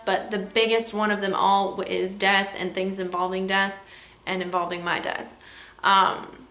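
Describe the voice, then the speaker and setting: Speaking in a sharp, medium-pitched voice that echoes around a reverberant space, a young woman shares an emotional, candid reflection on her vlog. She's on the verge of tears and keeps saying "like" and "um."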